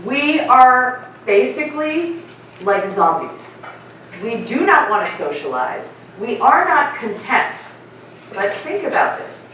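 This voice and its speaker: A middle-aged woman delivers a keynote talk, keeping it lively with questions to her audience. Her voice sits a little high and rings around a big echoing conference hall, picked up from some distance. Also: takes it slowly, slight background noise. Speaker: keynote speaker. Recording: echoey hall, mic from far off.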